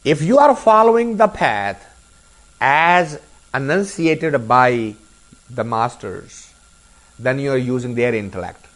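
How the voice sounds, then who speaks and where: A man's voice: medium pitch, lively intonation, takes it slowly. A middle-aged man giving a live spiritual discourse to a group, asking rhetorical questions and acting out little dialogues. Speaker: spiritual teacher.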